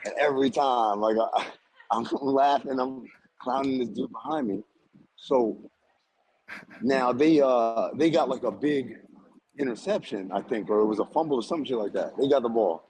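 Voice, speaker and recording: A young man co-hosting a podcast, telling an animated story in casual chat and laughing often. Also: mid-range voice, moderate pace, low-quality recording. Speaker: podcast co-host.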